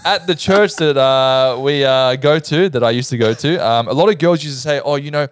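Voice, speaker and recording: Young Australian male co-host, quick delivery, animated storyteller. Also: medium pitch, no room sound, clean studio sound. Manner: explains points step by step, animated storytelling. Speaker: podcast co-host. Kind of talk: casual podcast chat.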